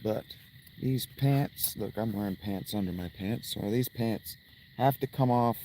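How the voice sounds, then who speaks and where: A man's voice: lowish voice, measured pace, warm tone, a little hiss or hum, low-quality recording. A man chatting casually to his livestream viewers from inside a tent outdoors, rambling and making crude jokes. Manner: crude, joking, rambling asides to chat. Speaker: live streamer.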